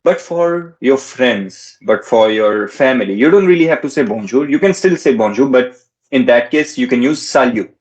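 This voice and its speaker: A man tutoring in a relaxed way, repeating words slowly and mixing in Hindi phrases. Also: medium pitch, low-quality recording. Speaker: French tutor. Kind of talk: casual teaching.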